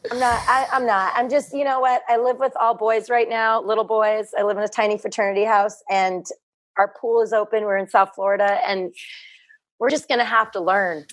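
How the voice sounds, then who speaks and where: A woman's voice: mid-range voice, fairly even intonation, brisk. A woman in her thirties, a guest on a podcast, talking earnestly and reflectively in casual chat. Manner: earnest, reflective, repeats herself. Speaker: guest, fitness business owner.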